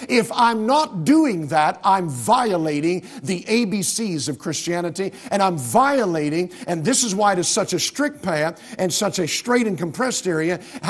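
A man preaching a sermon in a church with an American accent, speaking emphatically in rising bursts and often restarting his sentences. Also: high-pitched. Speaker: pastor. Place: church sanctuary.

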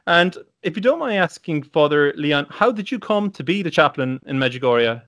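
A man's voice: a little high, animated, normal speed, a bit bright. A man hosting an interview, enthusiastic and full of fillers, repeating words of praise. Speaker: interviewer, host. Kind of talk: interview, casual chat.

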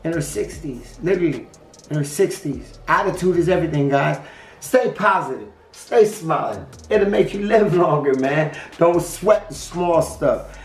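A man's voice: on the high side, expressive, moderate pace. A man in his fifties talking casually to his vlog audience, upbeat and preachy, acting out little quoted exchanges. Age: 50s. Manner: upbeat, preachy pep talk with acted-out quotes. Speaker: vlogger. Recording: roomy, a bit distant, music behind.

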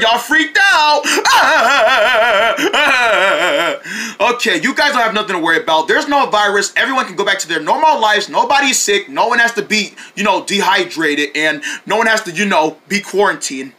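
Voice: medium pitch, sharp tone. A performer as a teasing news announcer.

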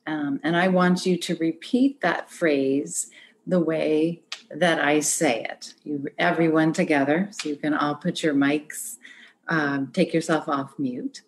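A woman's voice: low voice, steady tone, takes it slowly. A woman leading an online arts workshop, giving encouraging instructions over a video call. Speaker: workshop facilitator.

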